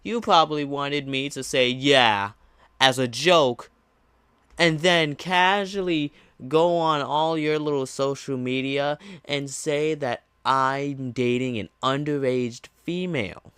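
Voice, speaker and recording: Young guy streamer ranting about a rude chatter, sarcastic, talks slow, dead dry room. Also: medium pitch, a bit bright, clean tone, no room sound. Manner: sarcastic, ranting, mocking retorts. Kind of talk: casual storytime monologue. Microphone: low-gain desk mic.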